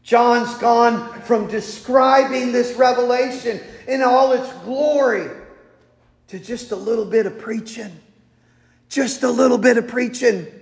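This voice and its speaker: A man preaching a sermon as pastor in a church, talking conversationally and rising to emphatic outbursts. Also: high-pitched. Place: church sanctuary. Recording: echoey hall with long reverb.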